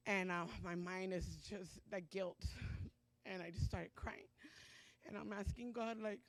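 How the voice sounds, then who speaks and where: A middle-aged woman giving a personal testimony at a church Sunday service, speaking in a halting, emotional way with many pauses and fillers. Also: mid-range voice, fairly even intonation, no echo.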